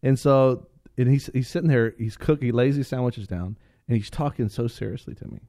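A man on a talk radio show telling a funny story in a casual, animated way, laughing often and repeating phrases for emphasis. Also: medium pitch, fairly quick, dry recording, studio quality.

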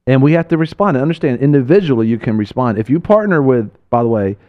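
A man's voice: medium pitch, lively intonation, fast talker, highs cut off. A man hosting a religious broadcast, preaching with a fervent, exhorting delivery and repeating phrases for emphasis.

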